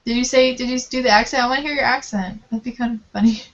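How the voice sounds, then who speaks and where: An Irish woman chatting casually on a video call, gushing and excitable. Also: a little high. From Ireland. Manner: excitable, gushing, quick to laugh. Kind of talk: casual chat. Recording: dull lo-fi video call audio.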